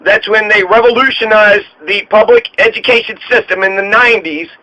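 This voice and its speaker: A man with a high, bright, forceful voice rants sarcastically through a political commentary, hammering his points with mocking repetition. The audio is dull and lo-fi. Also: steady tone, brisk. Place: home studio in Colorado.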